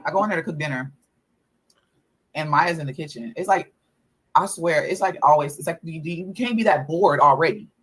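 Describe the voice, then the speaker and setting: A woman's voice: low voice, moderate pace, long pauses, fairly bright tone, breathy edge, low-quality recording. Woman, mom vlogger, exasperated, cursing, repeats herself, casual storytelling. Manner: exasperated, profane ranting with repeated phrases. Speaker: mother vlogging about her kids.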